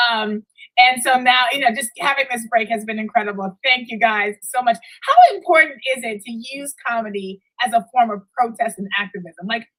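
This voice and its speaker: A woman organizer speaks with bright, forceful energy, thanking the comedians warmly and laughing easily. She then turns to casual interview questions, her somewhat high voice carried over a video call. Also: low-quality recording. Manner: warm and effusive, laughs easily.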